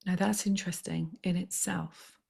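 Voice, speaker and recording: Gravelly low-voiced woman guiding healing. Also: steady tone. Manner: soft, slow, coaxing guidance. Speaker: spiritual healer. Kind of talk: guided healing session.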